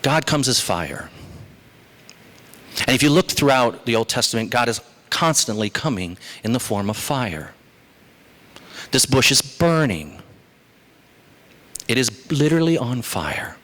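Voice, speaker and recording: Man preaching with animated emphasis. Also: mid-range voice. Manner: animated, shifts between slow emphatic phrases and quick asides. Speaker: pastor. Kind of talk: sermon.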